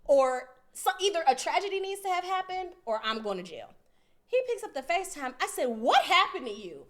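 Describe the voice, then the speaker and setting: A woman's voice: sits high, brisk. Podcast girl ranting through a messy story, cussing a lot, voice swinging all over. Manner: animated, profane, acts out both sides of arguments. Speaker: podcast co-host. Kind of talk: casual storytelling.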